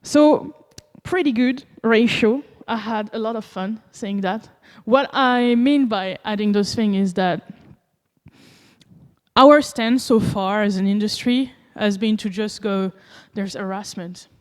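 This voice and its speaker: A woman with a French accent talks slowly in a mid-range voice during a conference presentation. She is casual and full of jokes and fillers, and the hall gives the recording a long reverb.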